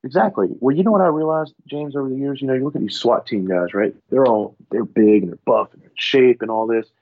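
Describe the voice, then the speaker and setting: A man's voice: mid-range voice, fast talker, narrow, tinny audio. A man, a firefighter, telling a profane story in casual podcast talk and acting out the people in it. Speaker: firefighter guest.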